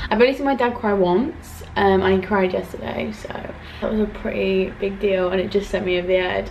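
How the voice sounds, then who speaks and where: A woman's voice: medium pitch, fairly even intonation, normal speed, distant mic, a little hiss or hum, rough recording. A young woman chats in a casual vlog, talking emotionally and rambling with many fillers. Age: young adult. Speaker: vlogger.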